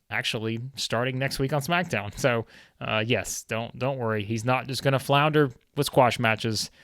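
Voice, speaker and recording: A man's voice: medium pitch, fairly bright tone, clear, resonant tone, dry recording, clean studio sound. A man hosting a gaming video, giving a chatty, casual recap of his game with lots of fillers.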